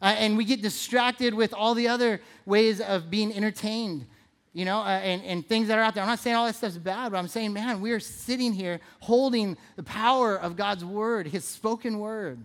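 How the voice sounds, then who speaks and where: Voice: mid-range voice, normal speed, fairly bright tone. A pastor giving a casual, playful sermon in a church, talking like a friend across the table. This preacher teases the crowd with questions and hammers home key lines by saying them twice. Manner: conversational, playful, asks the audience questions; repeats phrases for emphasis.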